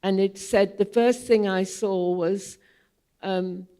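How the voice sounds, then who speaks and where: An older woman with a gravelly, creaky voice tells anecdotes to a theatre audience. She talks slowly and wanders from point to point, with frequent ums. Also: mid-range voice, steady tone, warm tone. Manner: unhurried, digressive, with frequent ums. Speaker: guest speaker at a theatre panel. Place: theatre hall, public event.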